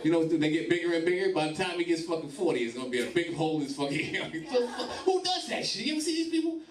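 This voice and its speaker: A man with a highish voice works the crowd at a bar comedy club, swearing and laughing through his lines at a quick, very animated pace. The sound is echoey and distant, with the audience audible.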